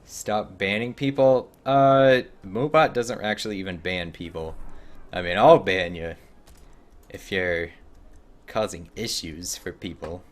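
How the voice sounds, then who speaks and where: A man's voice: low-pitched, unhurried. A man casually commenting while playing a game on a live stream, chatting with viewers between actions. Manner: relaxed, chatty, answers viewer chat between gameplay.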